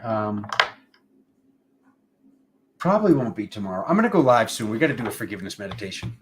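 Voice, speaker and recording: A man's voice: medium pitch, slight background noise. A man giving a casual tarot reading to camera, rambling and playful, with asides to people off camera. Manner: invokes cosmic forces in an incantatory tone. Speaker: tarot reader.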